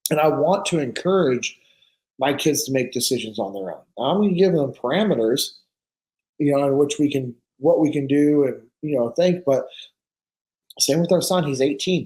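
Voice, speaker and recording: On a rough recording, a man in his forties with a slightly mellow, mid-range voice speaks at normal speed. As a podcast guest in casual conversation, he spins stories and performs the quoted lines.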